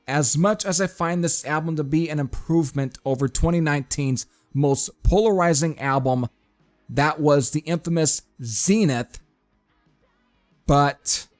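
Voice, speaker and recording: A man talks through a metal album review in a casual, rambling way, calling his listeners folks and stopping for an uh now and then. His voice sits a little high for a man, with faint music playing under it. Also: unhurried. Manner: chatty, addresses viewers as folks, frequent fillers.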